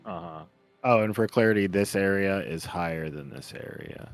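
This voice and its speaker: A man with a fairly low voice runs a tabletop game as its game master. He gives quick, easygoing rulings and answers with a lot of casual uh-huhs. Faint music plays softly behind him. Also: vocal fry.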